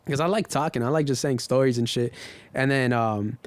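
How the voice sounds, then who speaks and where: A man's voice: medium pitch, brisk, dry recording. A man from the Inland Empire in California, a podcast guest telling stories loosely in casual chat, full of slang and swearing.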